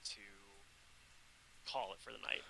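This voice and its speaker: A man narrating a tabletop role-playing game as dungeon master, unhurried and full of fillers. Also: crowd noise, low-quality recording.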